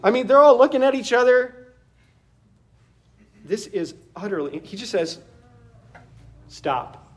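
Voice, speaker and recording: A man preaching a sermon, animated, often laughing and acting out the voices of the people in his story. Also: very high-pitched, moderate pace, pauses often. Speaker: pastor.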